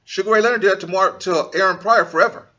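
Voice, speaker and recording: A man's voice: high-pitched, fast talker, pushed and bright, dull audio. A man hosting a boxing talk show, giving blunt, profane opinions in a casual monologue and acting out what fighters say.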